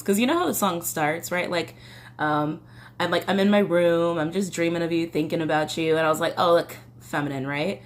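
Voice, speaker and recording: In a low voice, a tarot reader chats casually through a reading, peppering it with swearing, reading lyrics from songs, and giving a slight cough. There is a little hiss or hum in the audio.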